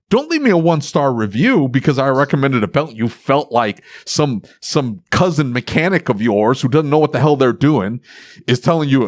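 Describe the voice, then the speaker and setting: A man's voice: a little high, big pitch swings, moderate pace, dry recording, studio quality. A man co-hosting a podcast, ranting sarcastically about customers in casual chat. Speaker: podcast co-host, repair shop owner.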